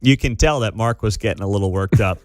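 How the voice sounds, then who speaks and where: Opinionated morning radio host, animated delivery, close dry booth sound. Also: male voice, lowish voice, no echo. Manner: animated, opinionated, quick laughs. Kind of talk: morning talk radio commentary. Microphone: studio microphone.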